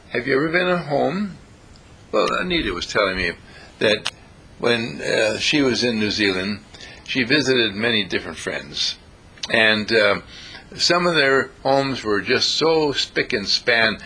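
With a husky, gravelly voice carrying a bright, sharp edge, a man preaches an animated sermon built on storytelling. His pitch swings widely as he takes on the voices of the characters in his tales.

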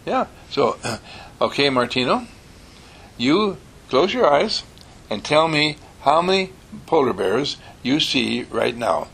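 A man telling an animated, playful bedtime story to children, often clearing his throat. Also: mid-range voice, a little slow.

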